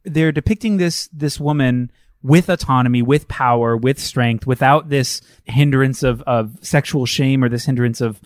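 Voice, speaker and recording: A man talking casually about a film, lively, acting out the characters as he retells scenes. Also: mid-range voice, no echo, studio quality. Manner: lively, acts out characters in quick voices.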